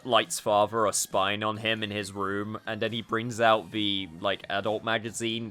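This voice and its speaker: Let's play host, man, joking and animated, bright voice. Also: lowish voice. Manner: animated, joking, self-deprecating. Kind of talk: casual gameplay commentary.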